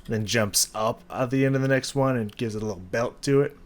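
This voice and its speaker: A man's voice: medium pitch, brisk. A man hosting a music reaction video, breaking down a song casually, with hesitant restarts and rhythms hummed aloud.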